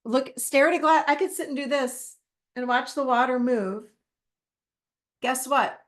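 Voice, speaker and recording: A woman's voice: high voice, measured pace. Woman teaching a live self-help masterclass. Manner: warm, conversational, acts out her own inner dialogue.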